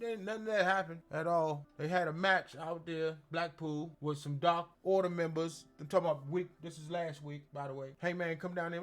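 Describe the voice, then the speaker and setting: A man with a high-pitched voice recaps a wrestling show in loose, slangy talk. He keeps it animated and jumps into exaggerated voices to act out what people said. It sounds like a casual streamed rant. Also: moderate pace, hardly any pauses.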